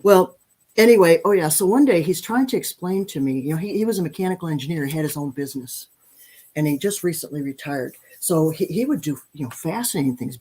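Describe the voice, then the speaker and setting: A woman in her sixties, a podcast guest who tells lively, self-deprecating stories and often restarts her sentences. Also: low voice, slightly rough. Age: 60s. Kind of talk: storytelling in conversation.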